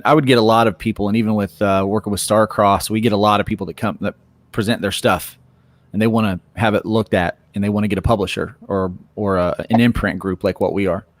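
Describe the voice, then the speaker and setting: A comic book writer and artist talking casually on a panel, rambling, with many restarts. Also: male voice, on the low side, no room sound, studio quality.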